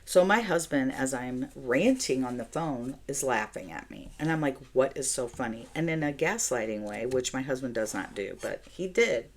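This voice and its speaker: A woman's voice: very deep voice, moderate pace, few pauses. A middle-aged woman chatting casually as she tells a story while decorating her planner at home. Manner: chatty, animated storyteller who talks to herself while decorating. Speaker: planner vlogger.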